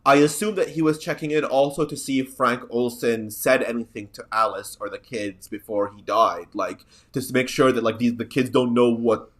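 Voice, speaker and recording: A man's voice: mid-range voice, fairly even intonation, normal speed, few pauses, fairly bright tone. A man hosting a podcast in casual chat, sardonic and rambling. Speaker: podcast host.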